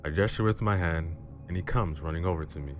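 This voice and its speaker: A man hosting a channel who narrates a first-person horror story in a dramatic, measured way. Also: low-pitched, a little hiss or hum. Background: music.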